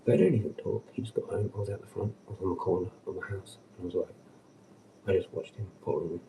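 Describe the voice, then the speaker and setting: A man rambling on a casual livestream, agitated and swearing, dropping to mutters and then jumping up in pitch. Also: steady tone, fast, gravelly, noisy background. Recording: distant from the mic.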